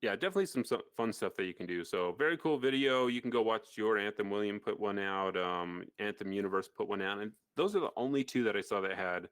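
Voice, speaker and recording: A man with a low-pitched voice chats casually on a gaming podcast, animated and given to dry sarcasm. He rambles and restarts his sentences. The close, dry recording has no room sound. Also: fast talker, hardly any pauses, clean tone, dry recording. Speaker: podcast co-host. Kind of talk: casual chat.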